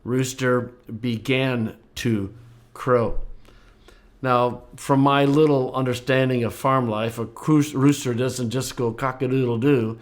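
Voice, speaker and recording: An older man teaching a Bible lesson, explaining passages in a lively way and briefly acting out the quoted speakers. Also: takes it slowly. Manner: lively, voices the quoted speakers with rising pitch. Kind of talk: explanatory lecture.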